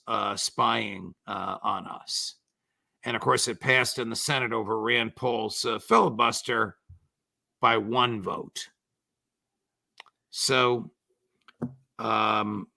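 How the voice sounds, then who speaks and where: An older man, a former judge, giving measured but indignant political commentary with sarcastic asides. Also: mid-range voice, creaky, pushed and bright, no echo.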